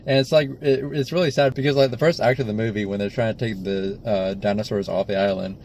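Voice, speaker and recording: Low-voiced man critiquing a movie. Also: fast talker, a little hiss or hum. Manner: critical, steady, many "like" fillers. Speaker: film review co-host. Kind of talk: casual film review chat.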